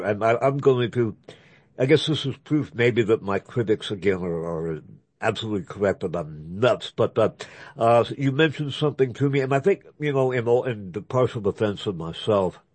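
Here a man speaks in a mid-range, slightly mellow voice with no echo in the recording. As a radio talk show host doing a conversational interview, he digresses often and spells out names one letter at a time.

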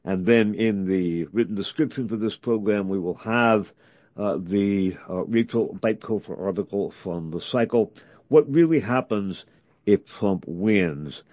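A man hosting a talk program, reading article excerpts aloud in a halting way, with many fillers and restarts. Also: on the low side, a little mellow, dry recording. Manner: halting, many fillers and restarts, reads quotes with acted emphasis. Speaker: radio host.

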